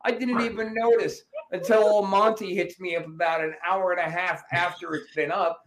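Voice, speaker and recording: A man hosting a podcast, telling stories in a profane, animated, casual way. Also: high voice, normal speed, reverberant, crowd noise. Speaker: podcast host.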